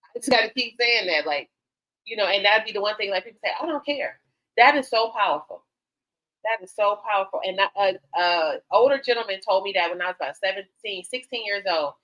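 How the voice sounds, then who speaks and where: An older woman host talks frankly with a bright, forceful voice, telling stories and acting out the people in them. The sound is a bit dull and lo-fi, like a modest radio studio feed. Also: medium pitch, fairly quick. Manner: frank, animated storytelling with acted-out quotes. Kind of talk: candid casual talk show conversation.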